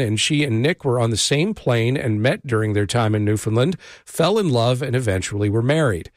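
A man hosts a radio talk show from a dry, close studio mic. He reads his introduction in a measured way, then asks his guest questions in a looser, conversational tone. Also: medium pitch, no room sound. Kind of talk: radio interview.

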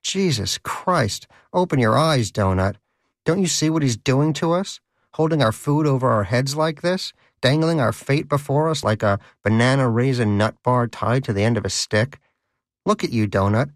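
A man's voice: medium pitch, moderate pace, no echo, studio quality, pitched above the performer's own voice, natural voice. A man voicing a cynical, greedy male pet rodent in a cage, in a scornful, mocking manner. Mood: exasperated.

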